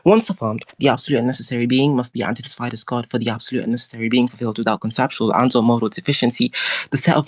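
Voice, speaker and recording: A man with a noticeable accent in a heated online debate, packing his arguments with dense philosophical jargon and hurling profane insults at his opponent. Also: medium pitch. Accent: non-standard English accent.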